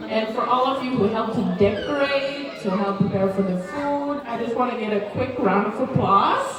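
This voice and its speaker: A woman's voice: fairly high pitch, normal speed. A young woman giving a nervous, tearful birthday speech for her cousin, laughing between words. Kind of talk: emotional birthday toast. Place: large hall at a party. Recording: echoey hall, mic far off, crowd noise. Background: party crowd.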